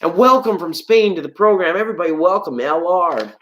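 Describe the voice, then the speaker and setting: A tarot reader hosting a live stream, chatting with viewers in a rambling, joking way, with the voice jumping up in pitch when excited. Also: a little fast, slight background noise, low-quality recording. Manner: rambling, playful and jokey; greets and answers viewers from chat.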